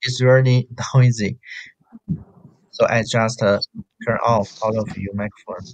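A man with a Chinese accent teaching an online beginner Chinese class, repeating syllables slowly for drills over a video call. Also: on the low side, fairly even intonation. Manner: slow, repetitive drilling of syllables.

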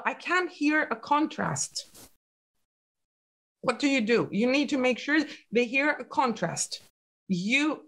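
Slow-paced woman coaching a pianist. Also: a little high, a bit bright. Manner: patient, coaching with questions, calling out dynamics. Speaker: piano teacher. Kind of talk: online masterclass teaching.

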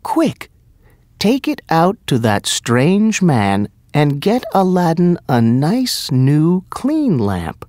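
A storybook reader voicing a lively, loving young princess in a raised voice, in a story for English learners. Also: mid-range voice, slow, no echo, pitched above the performer's own voice. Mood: eager.

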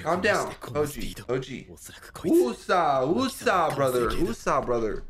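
Excitable male reaction host, high animated voice, swears and shouts at the screen over loud music. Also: slow pace. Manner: loud, exclaims and swears often, talks to the screen. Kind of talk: excited casual reaction commentary. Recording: music playing loud behind.

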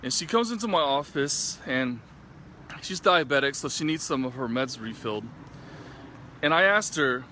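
Earnest male doctor, bright and slightly tense tone, reflective storyteller, faint street noise behind. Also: medium pitch, expressive, moderate pace. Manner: earnest, reflective, retells dialogue at length. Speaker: physician. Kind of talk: personal storytelling to camera.

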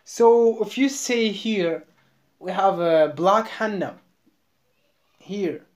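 A Moroccan woman with a Moroccan accent, chatting over a video call in halting English that she repeats as she goes. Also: mid-range voice, darkish tone. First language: Moroccan Arabic. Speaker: vlogger. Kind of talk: casual video call chat.

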